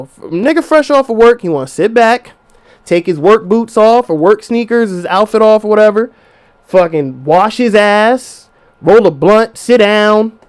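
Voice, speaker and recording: Speaking directly to his listeners, a young podcast host with a high voice runs through a loose, casual monologue. He curses freely, stays animated, and imitates the voices of the people he describes, all in a clean tone.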